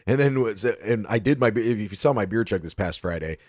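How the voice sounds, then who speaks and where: A man's voice: lowish voice, expressive, fairly quick, a little mellow, no room sound, studio quality. A man co-hosting a podcast, telling trip stories in a loose, chatty way with plenty of fillers and swearing. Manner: loose storytelling, swears freely, lots of fillers. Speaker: podcast co-host. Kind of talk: casual chat.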